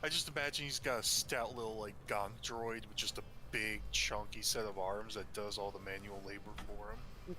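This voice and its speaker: A man playing a tabletop role-playing game, making quick joking asides. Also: lowish voice, steady tone, sharp tone, a little hiss or hum. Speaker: player. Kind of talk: casual tabletop game play.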